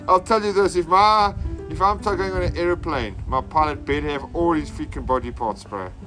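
A man's voice: a little high, normal speed, pushed and bright, faint music behind. A man with a South African accent in crude, joking casual chat, laughing often and ending lines with "bro".

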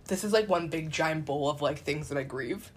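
A woman's voice: low-pitched, a little slow, noisy background. A young woman co-hosting a podcast in casual chat, tearful and laughing through her tears as she talks. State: crying at times. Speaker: podcast co-host.

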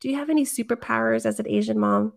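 A woman's voice: fairly high pitch, quick pace, gravelly. Playful woman host, laughs a lot. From Filipino family. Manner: playful, laughs often, mimics her mom. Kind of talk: casual chat.

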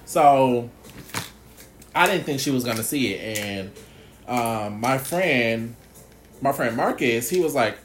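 Animated, slow-talking man vlogging. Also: medium pitch, a little hiss or hum. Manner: animated, swearing, laughing often. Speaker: blogger. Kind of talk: casual vlog chat.

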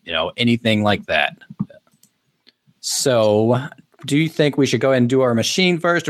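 A man hosting and running a tabletop game as game master, upbeat and loose with many fillers. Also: medium pitch.

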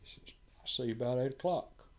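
A man's voice: mid-range voice, a little fast, in a whisper. A man, a firefighter telling a story in casual conversation and acting out what others said.

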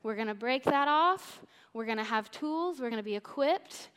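A woman from Missouri teaches a church congregation with warm enthusiasm and earnest conviction. Her voice sits a little high. A long reverb from the large auditorium trails each phrase through the stage microphone. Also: lively intonation, normal speed, clear, resonant tone. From Missouri, USA. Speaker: church speaker. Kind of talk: sermon-style Bible teaching.

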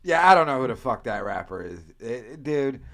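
An American podcast host rambles through crude, casual banter, swearing freely and slipping into mock accents mid-story as he riffs. His mid-range voice is sing-song and fairly bright, at a normal speed.

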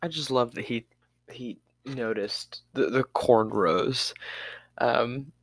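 A man's voice: medium pitch, fairly even intonation, slow pace, a bit bright, breathy edge, dry recording, clean studio sound. A man co-hosting a podcast, casually recapping a movie in a rambling way and sometimes losing his place. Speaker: podcast co-host.

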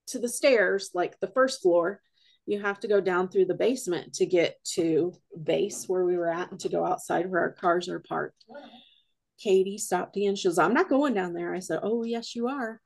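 A woman's voice: on the low side, moderate pace, gravelly. A woman guest on a podcast, a paranormal investigator, telling a rambling story full of quoted dialogue in a casual way.

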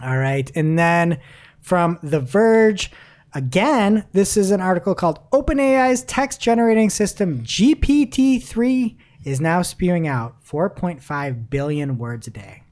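A woman's voice: on the low side, animated, unhurried, a little mellow. A woman host in casual chat, reading articles aloud with a wry, giggly manner. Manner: giggly, wry, laughs mid-sentence. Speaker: podcast host.

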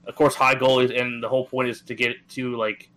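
A man's voice: medium pitch, flat delivery, a little fast, fairly bright tone, low-quality recording. A man in his thirties from Atlantic Canada, co-hosting a gaming podcast in easygoing casual chat. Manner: easygoing, many fillers and restarts. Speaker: podcast co-host.

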